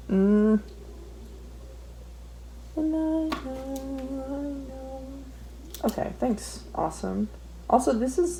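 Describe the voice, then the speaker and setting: Her mid-range voice is creaky and mellow. A young art vlogger, she chats and rants casually as she draws, drifting from topic to topic, cursing frequently, and making self-deprecating remarks, with faint noise in the background.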